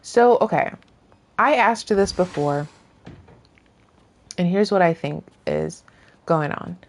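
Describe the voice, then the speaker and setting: A woman with a lowish voice talks through her game in an unhurried, drawn-out way. She rambles casually, often dropping into soft murmurs between thoughts. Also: animated. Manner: chatty, rambling, often trails off softly. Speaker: gaming streamer. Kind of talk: casual gameplay commentary.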